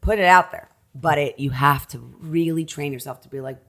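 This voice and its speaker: A woman's voice: low voice, moderate pace. A woman in her thirties, an actress guest on a podcast, talking animatedly and gesturing with her hands. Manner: animated, talks with her hands, many restarts. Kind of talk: casual conversation.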